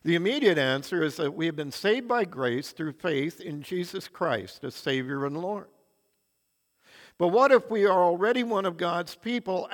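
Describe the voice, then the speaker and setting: An older male preacher delivers his sermon in an earnest storytelling manner, his emphasis rising and falling dramatically. His voice is slightly higher than most men's, and a long reverb trails through the large church hall. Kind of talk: sermon with anecdotes.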